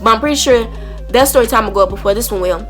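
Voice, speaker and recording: A young woman, telling an animated storytime to camera and acting out both sides of a heated argument. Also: fairly high pitch, very fast, faint music behind. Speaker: storytime vlogger.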